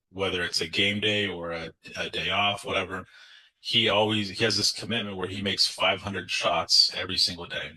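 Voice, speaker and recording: A man's voice: low voice, pushed and bright, low-quality recording. A man on a sales team call chiming in casually to back up a point.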